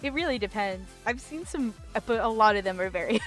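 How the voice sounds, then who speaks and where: A woman's voice: medium pitch, animated, quick pace, a bit bright, soft background music. A woman streamer chatting casually with her live chat, rambling and giggling often with lots of "like".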